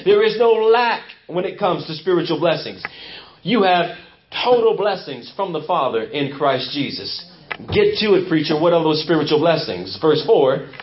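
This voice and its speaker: A pastor delivering a sermon in a church with an emphatic, repetitive preaching cadence. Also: male voice, high-pitched, a little hiss or hum. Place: church sanctuary. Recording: muffled lo-fi church recording.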